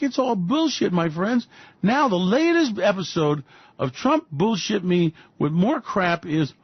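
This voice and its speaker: A man rants through sarcastic, profane market commentary, his husky voice swinging high and wide as he mocks each claim. It sounds dull and lo-fi, dry and close. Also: no echo. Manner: sarcastic, mocking, profane, repeats "Really?". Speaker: financial commentary host. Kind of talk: ranting political-economic commentary.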